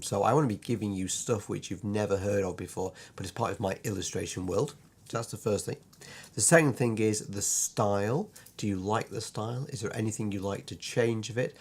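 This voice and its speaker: British man from Lancashire, low husky voice, casual rambling course-intro host who gets sidetracked easily. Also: darkish tone. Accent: British English. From Lancashire, England. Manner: rambling and easily sidetracked, with many fillers and restarts. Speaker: illustrator and online course teacher. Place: drawing room at home.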